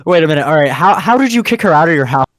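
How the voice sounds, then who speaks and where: A man's voice: on the high side, animated, racing, a crowd in the background. A young man co-hosting a comedy podcast, teasing and bantering, swearing freely. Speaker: podcast co-host. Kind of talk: casual comedic chat.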